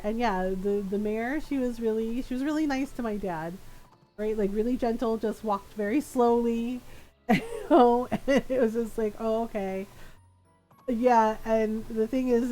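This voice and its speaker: A woman's voice: fairly high pitch, measured pace, soft background music, low-quality recording. A woman streamer casually telling a funny story, laughing often and acting out the voices of the people in it. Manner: animated, laughing, acts out quoted voices.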